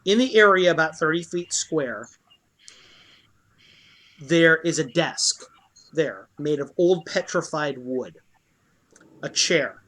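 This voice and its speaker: A man narrating as dungeon master in a tabletop role-play game, loose and halting with many fillers. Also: on the high side, expressive, a bit bright.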